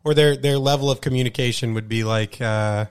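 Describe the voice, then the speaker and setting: A young man co-hosting a podcast, chatting casually and excitably, often saying "dude" and jumping up in pitch when joking. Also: fairly quick, smooth. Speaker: podcast co-host. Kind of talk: casual banter.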